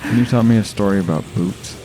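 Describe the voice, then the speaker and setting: A man's voice: on the low side, fast talker, dark tone, soft background music, poor audio. A man hosting a podcast in casual chat, promoting friends and teasing his guest. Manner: jokey, teasing interjections. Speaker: podcast host.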